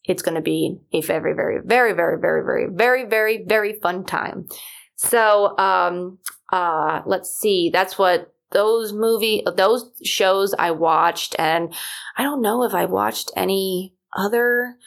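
A woman's voice: mid-range voice, takes it slowly, gravelly. A woman hosting a podcast, talking casually and rambling with many fillers. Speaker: podcast host. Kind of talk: casual solo chat.

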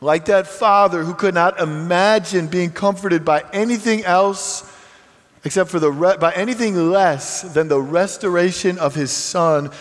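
Earnest male preacher in a reverberant hall. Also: fairly high pitch. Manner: earnest, swings from hushed to emphatic. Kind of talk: sermon.

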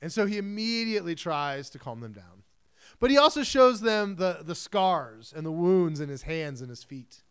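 A man's voice: a little high, very animated, normal speed, smooth. A man preaching a sermon in a casual, conversational way, mixing scripture reading with chatty asides. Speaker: pastor.

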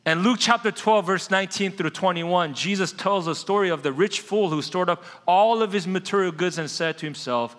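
A pastor delivers a sermon in a church sanctuary, his voice sitting high, an animated storyteller who slows down to stress key points. The recording carries a long hall reverb.

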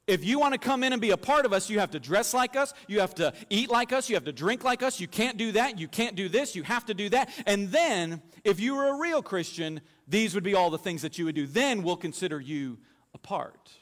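High-voiced man preaching in a reverberant hall. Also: brisk. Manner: animated storytelling with humor. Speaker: pastor. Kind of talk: sermon.

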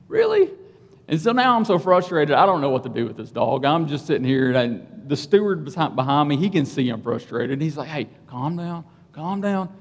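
Man preaching through a personal anecdote, lively pitch, echoing hall. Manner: animated, conversational, keeps asking "right?". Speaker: police officer and church speaker. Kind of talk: sermon storytelling.

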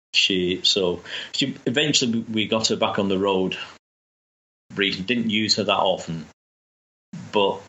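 A man's voice: low-pitched, bright, forceful tone, highs cut off. A man chatting enthusiastically as a guest, rambling with restarts. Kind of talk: casual chat.

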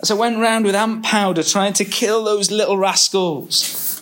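A man's voice: high voice, a little slow. A middle-aged man preaching a sermon, reading scripture and acting out quotes with humor. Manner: lively, expressive preaching with humor and acted-out quotes.

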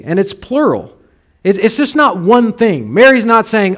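A man's voice: sits high, wildly swooping pitch, normal speed. Conversational man preaching a sermon. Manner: conversational preaching with personal stories, swings from soft to emphatic. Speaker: pastor.

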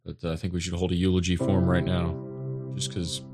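A man co-hosting a podcast, rambling through a deadpan mock eulogy and swearing casually. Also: deep voice, quick pace, over loud music. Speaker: podcast co-host. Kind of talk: improvised comedic bit.

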